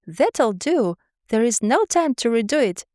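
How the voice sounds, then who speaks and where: A woman's voice: fairly high pitch, very animated, unhurried, a little mellow, no room sound, clean studio sound. A woman voicing a young male cat who studies magic, hasty and fussy in manner. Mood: flustered.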